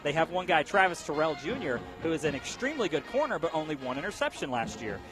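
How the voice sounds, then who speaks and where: Male color commentator, quick and chatty, slightly high voice, music underneath. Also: very animated, low-quality recording. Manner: joking, talkative, quick. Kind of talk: high school football commentary.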